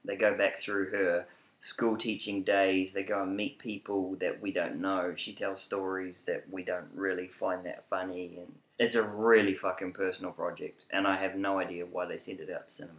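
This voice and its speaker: A man's voice: sits low, level tone, normal speed, fairly bright tone. A man co-hosting a film review chat, blunt and enthusiastic, swearing freely. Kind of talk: casual chat. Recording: roomy echo.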